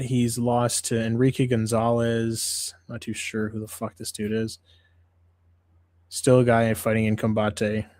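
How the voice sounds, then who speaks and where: A man's voice: mid-range voice, darkish tone, no echo, studio quality. A man hosting a casual MMA livestream, ranting in a profane, exasperated way. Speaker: MMA show host.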